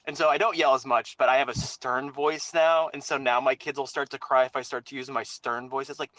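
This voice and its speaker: A man in his thirties, a registered nurse, chatting casually on a dads' podcast in an animated, laughing way. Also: medium pitch, a little fast, hardly any pauses, low-quality recording. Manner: animated, laughing, acts out his stern parent voice. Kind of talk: casual chat.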